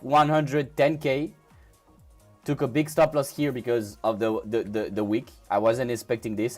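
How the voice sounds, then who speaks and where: A man's voice: medium pitch, darkish tone. French-accented man chatting on a live stream. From France. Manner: casual, chatty, frequent restarts and repeated words. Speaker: crypto trading livestreamer. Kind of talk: live-stream chat, answering viewers.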